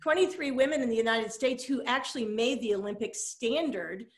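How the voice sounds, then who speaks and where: A woman with a high-pitched voice hosts an interview. She nudges her guest along with questions and quick reactions, and she sets up context for the listeners. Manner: prompting, brief encouraging replies. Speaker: interview host.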